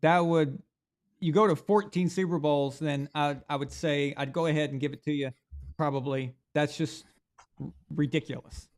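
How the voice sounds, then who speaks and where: A man's voice: a little high, fairly even intonation, moderate pace. A man hosting a live sports reaction stream, talking casually and animatedly. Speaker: sports show host.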